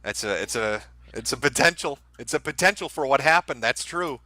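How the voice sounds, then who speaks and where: A man's voice: mid-range voice, expressive, fairly quick, bright, forceful tone, dry recording. A man hosting a casual commentary show, reacting to social media posts in a sarcastic, profane, mocking way.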